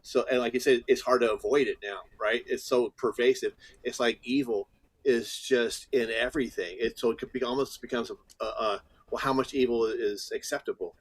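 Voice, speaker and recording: A man on a casual online panel with a middle-pitched voice. He rambles and restarts as he builds up his analogies. His voice sounds dry and close. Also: steady tone, moderate pace, no room sound. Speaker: panel guest.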